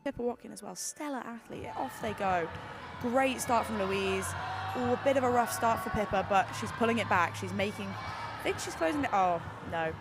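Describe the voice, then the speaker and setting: A woman doing live sports commentary, excitable and gushing, with lots of fillers and restarts. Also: on the high side, fairly quick, music in the background. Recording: busy venue noise behind.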